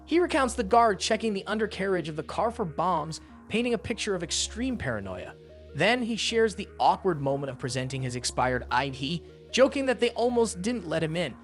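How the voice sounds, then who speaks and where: A man reading a scripted voice-over narration in an even, summarizing manner. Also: high voice, fairly quick. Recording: narration over clear music.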